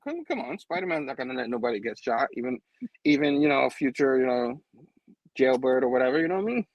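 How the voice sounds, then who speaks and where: A man hosting a casual comic book show, retelling the plot in an animated way, laughing often and checking in with his listener. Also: mid-range voice, fast, no echo, muffled recording. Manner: animated, laughs often, keeps asking "you know what I mean". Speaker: host.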